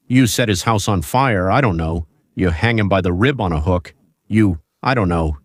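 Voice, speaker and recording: A male host delivers opinionated political commentary in a low voice. He builds his points through rhetorical questions and scenarios aimed at the viewers. The recording is dry and close. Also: no echo. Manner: rhetorical, addresses viewers directly with hypotheticals.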